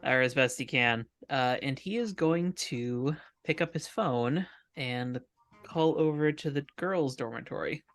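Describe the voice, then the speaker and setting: A man's voice: mid-range voice, unhurried, a bit bright, no echo, faint music behind. A man playing a tabletop role-playing game, playful and joking in casual chat with the table. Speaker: tabletop player.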